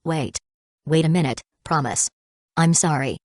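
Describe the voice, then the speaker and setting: A woman's voice: sits low, measured pace, a little mellow, no echo, studio quality. A woman voicing a hapless muscular man who pleads desperately. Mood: pleading.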